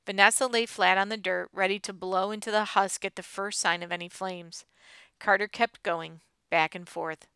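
A woman narrating a children's adventure story with expressive storytelling, recorded close to the mic. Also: mid-range voice, normal speed, smooth, no room sound. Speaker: audiobook narrator. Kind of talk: scripted narration.

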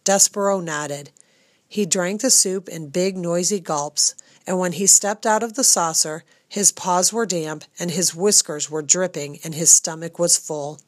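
A woman narrating a storybook in a measured way, sometimes addressing the reader directly. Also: on the low side, no echo, studio quality. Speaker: audiobook narrator.

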